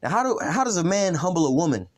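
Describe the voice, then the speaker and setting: A man's voice: high-pitched, sing-song, quick pace. Profane rambling street preacher man. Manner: profane, rambling, slangy, many fillers. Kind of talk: informal bible lesson.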